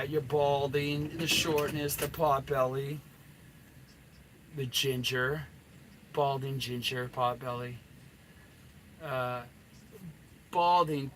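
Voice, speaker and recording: A man's voice: a little high, fairly bright tone, a little hiss or hum, poor audio. A middle-aged man, a dating coach, giving a blunt, profanity-laden and rambling coaching rant.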